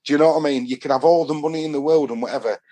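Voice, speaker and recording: A man's voice: fairly high pitch, racing, warm tone. Chatty Yorkshire man telling stories. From Doncaster, England. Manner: rambling storyteller who acts out quoted dialogue. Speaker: football fan guest. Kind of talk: casual anecdote telling.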